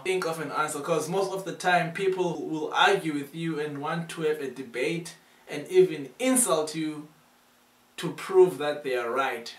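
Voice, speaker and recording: Chatty young man, echoey and distant. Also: on the high side. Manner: enthusiastic, chatty. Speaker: reaction video host, student. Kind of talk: casual reaction commentary. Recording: echoey room, far from mic.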